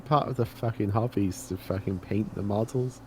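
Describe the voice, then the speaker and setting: A blunt, joking man with a fairly low voice, talking casually as a stream guest. A faint hiss of noise sits behind him. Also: a little fast, warm tone. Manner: blunt, joking, laughs often. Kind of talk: casual chat.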